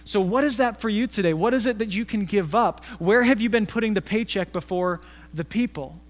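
A middle-aged pastor with a high-pitched voice preaches in a relaxed, storytelling way. His voice rings with the long reverb of a church hall. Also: fairly quick. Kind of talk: sermon.

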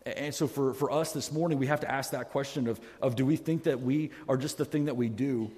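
A man's voice: mid-range voice, brisk, a little mellow, long reverb tail. A man pastor preaching a sermon on a headset mic in a church, earnest and self-deprecating, often restarting his sentences. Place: church sanctuary. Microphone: headset microphone.

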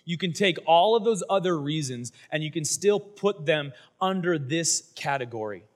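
Casual, animated male preacher. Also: fairly high pitch, normal speed. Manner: casual, animated storytelling with playful voiced asides. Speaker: pastor. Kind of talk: sermon.

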